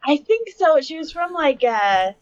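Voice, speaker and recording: A woman's voice: high voice, very animated, unhurried, dull audio. A young adult woman co-hosting a podcast, telling stories in a chatty way and laughing often. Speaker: podcast co-host. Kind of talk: casual podcast chat.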